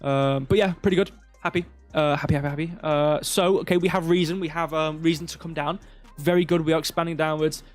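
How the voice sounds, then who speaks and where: A man's voice: on the high side, steady tone, fairly quick, faint music behind. A man hosting a live crypto stream, talking through charts in a rambling, casual way with lots of fillers. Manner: rambling, filler-heavy, thinking aloud. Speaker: crypto livestream host.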